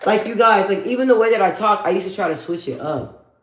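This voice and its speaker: A woman with a deep, bassy voice talks straight to her viewers while doing her makeup at home. She is blunt and slangy, and she drives her points home by repeating them. The room around her gives a noticeable echo. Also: a little fast, slight background noise. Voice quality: deep for her, in her own words. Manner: emphatic, repeats phrases for emphasis, motivational. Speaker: vlogger. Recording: roomy echo.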